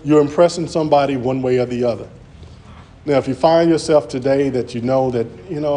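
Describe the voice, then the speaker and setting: A man's voice: mid-range voice, brisk, dark tone. A man preaching an earnest sermon, often restarting his words as he presses his points. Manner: earnest, repetitive, stammering restarts.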